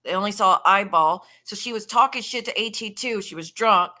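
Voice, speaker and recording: A woman chatting on a casual live stream with a bright, forceful voice. She talks bluntly and swears freely, reacting to messages and greeting her viewers. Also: mid-range voice, brisk. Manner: blunt and profane, chatting with viewers while scrolling. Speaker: livestreamer.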